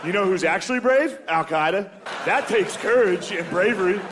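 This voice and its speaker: A man's voice: high voice, lively intonation, normal speed, background noise. Crude, laid-back male stand-up comic. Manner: laid-back, crude, mocking, acts out characters in bits. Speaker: stand-up comedian. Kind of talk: stand-up comedy.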